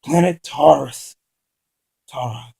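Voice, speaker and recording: A man's voice: a little high, slow pace, vocal fry, warm tone, husky, voice pushed up, full character voice. A man voicing a terrified male captive who stammers, sobs and begs for his life. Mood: panicked pleading. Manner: frantic, stammering, sobbing pleas. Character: panicked pleading male captive.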